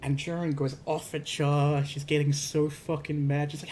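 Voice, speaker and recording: A man's voice: fairly high pitch, little pitch movement, moderate pace, few pauses, darkish tone, a little hiss or hum. A man casually recounting a tabletop game session, rambling with lots of fillers and restarts. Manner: rambling, filler-heavy, acts out characters. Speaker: streamer telling a tabletop game story. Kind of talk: casual storytelling.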